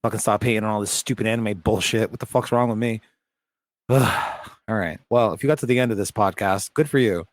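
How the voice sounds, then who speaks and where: A man's voice: lowish voice, brisk, dry recording. A man co-hosting a podcast in casual chat, ranting bluntly with lots of swearing. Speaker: podcast co-host.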